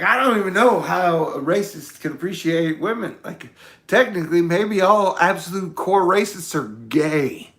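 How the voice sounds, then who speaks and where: Rambling, cursing man in an echoey room. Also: a little high. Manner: profane, loose and meandering, swings between mumbling and shouting. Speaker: vlogger. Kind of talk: rambling casual monologue.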